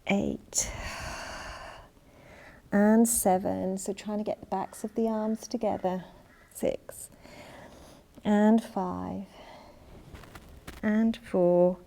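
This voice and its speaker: A woman with a mellow, softly rounded voice leads an online Pilates session, calling out breaths and counting down reps. She moves along with the class and sounds a little winded. Her cues stay calm and steady, sometimes dropping to a breathy near-whisper. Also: mid-range voice, drawn-out words, long pauses. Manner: calm cueing, counting reps, breathy asides while exercising. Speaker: Pilates instructor. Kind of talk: online exercise class instruction. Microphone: worn mic.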